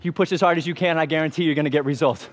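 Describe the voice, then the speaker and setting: A man coaching a follow-along workout, energetic, pushing and cheering the viewers on. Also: on the high side, racing. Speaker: fitness instructor.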